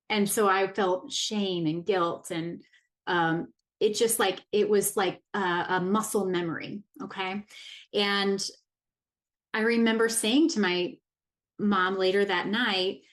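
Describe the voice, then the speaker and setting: Earnest woman coach in her thirties. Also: mid-range voice. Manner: earnest, reflective, loose with fillers and restarts. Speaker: wellness coach. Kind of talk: casual masterclass talk.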